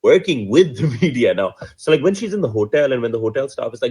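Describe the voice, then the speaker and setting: A man from Pakistan, casually retelling a news story, animated and laughing often. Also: medium pitch, quick pace, breathy edge. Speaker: commentator.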